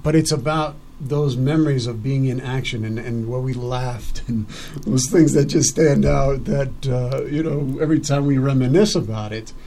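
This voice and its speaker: A man's voice: medium pitch, normal speed, dark tone, slight background noise. A male podcast host chatting with his mother, eager and laughing often as he jumps into her stories. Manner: eager, laughs often, talks over guest. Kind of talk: casual conversation, reflective.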